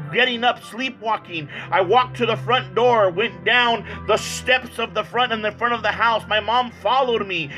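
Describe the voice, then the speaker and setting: A man, an evangelist, telling his personal testimony in a halting way, often repeating words. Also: high voice, pushed and bright, low-quality recording. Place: small church.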